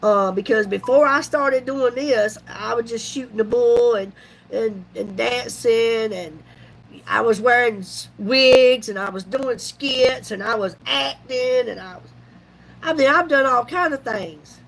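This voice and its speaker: A woman in her fifties, a YouTube vlogger, tells her viewers a folksy story in a slightly high, gravelly voice at a measured pace. Her retelling is chatty and animated, full of laughs, and the recording quality is low.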